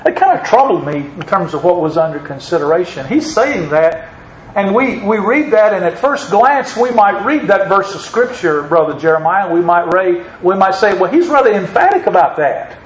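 A man's voice: high voice, animated, normal speed, echoey room, a little hiss or hum, rough recording. A man preaching a sermon, quoting scripture with an emphatic, rising cadence.

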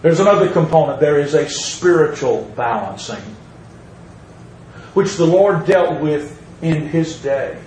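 A man's voice: fairly high pitch, expressive, a little slow, darkish tone, echoey room, far from the mic, a little hiss or hum, rough recording. A man preaching a sermon, reading scripture aloud and driving points home by repeating them. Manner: emphatic, repeats phrases, reads scripture aloud.

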